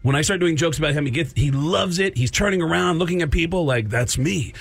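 A male comedian, a guest on a talk show, telling stories in an animated way and acting out the people in them. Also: on the high side, quick pace, creaky, slightly rough. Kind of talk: casual storytelling on a radio show.

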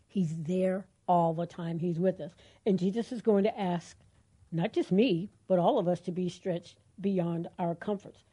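Middle-aged lady cohosting christian radio, mellow a bit husky voice, earnest and encouraging. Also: lowish voice, measured pace. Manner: earnest, encouraging, laughs easily. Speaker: co-host of a Christian call-in radio show. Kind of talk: faith talk radio chat.

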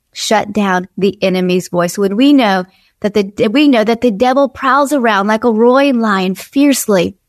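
A woman's voice: medium pitch, dry recording, studio quality. A woman preaching an earnest devotional sermon, repeating phrases and acting out inner dialogue as she exhorts her listeners.

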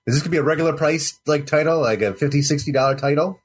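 A man's voice: fairly high pitch, racing, slightly rough. A man in casual podcast chat, skeptical and joking, teasing the others. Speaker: podcast co-host.

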